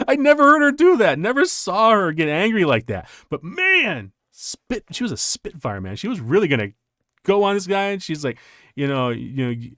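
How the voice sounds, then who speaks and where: A male streamer telling stories in casual chat while playing a game, rambling and animated, laughing often. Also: high-pitched, normal speed, no echo, clean studio sound.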